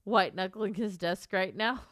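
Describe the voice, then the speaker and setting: A woman author chatting live on her stream, excitable and swearing freely, repeating herself as she talks to viewers. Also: medium pitch, measured pace, no echo, studio quality. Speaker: livestreamer and author. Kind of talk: casual live stream chat.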